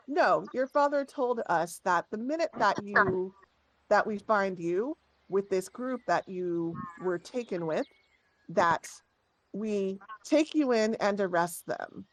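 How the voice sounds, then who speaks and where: A woman's voice: mid-range voice, expressive, slow. Woman doing a stern guard captain, officious and curt, tabletop game NPC.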